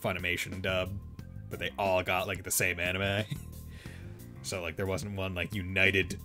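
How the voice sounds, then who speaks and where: A man's voice: deep voice, little pitch movement, moderate pace, sharp tone, soft background music. A young man rambling casually while streaming a game, full of fillers and laughs. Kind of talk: casual let's-play commentary.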